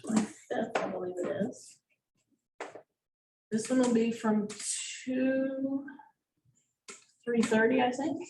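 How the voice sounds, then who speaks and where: A woman leading a group coaching session, animated and acting out gestures and little voices as she explains. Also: on the high side, slow pace, pauses often. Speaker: sales coach. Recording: echoey room, mic far off, faint noise.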